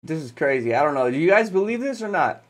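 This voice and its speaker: A man from the Las Vegas area hosting a casual reaction video, profane, slangy and excitable. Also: a little high, quick pace.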